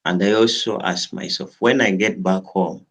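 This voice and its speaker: A man's voice: low-pitched, a bit bright. A man giving an earnest, rallying political speech to his audience. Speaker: political commentator.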